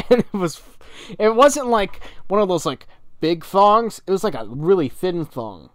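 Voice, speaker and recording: Slow, swooping young man streaming. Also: high voice, expressive, no echo, clean studio sound. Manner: rambling, profane, laughing often. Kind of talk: casual livestream chat.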